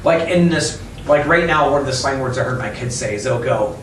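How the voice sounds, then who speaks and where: A man who owns a bookstore, chatting casually in an interview, rambling and animated as he tells stories. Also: mid-range voice, fairly quick, slight background noise. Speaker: bookstore owner and author. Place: inside his bookstore. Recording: echoey room, mic at a distance.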